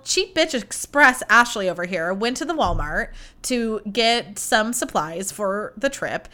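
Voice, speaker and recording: A woman's voice: mid-range voice, sharp tone. A young woman hosting her own podcast, chatting in a bubbly, rambling way with lots of fillers. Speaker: podcast host. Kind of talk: casual chat.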